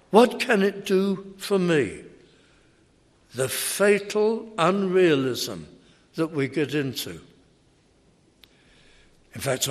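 A man preaching a sermon in a measured, emphatic way, recorded in a large church hall. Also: fairly high pitch. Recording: long reverb hall.

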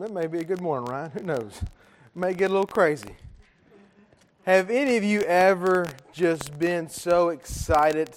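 A man's voice: high voice, slight background noise. A man gives a conversational sermon to a congregation, joking and asking them questions. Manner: chatty, joking with the congregation, many fillers. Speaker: pastor. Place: church sanctuary.

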